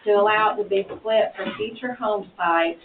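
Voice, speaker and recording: A woman's voice: mid-range voice, moderate pace. A woman on planning staff reading a rezoning case summary formally. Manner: formal, read aloud. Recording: echoey, tinny, distant, noisy.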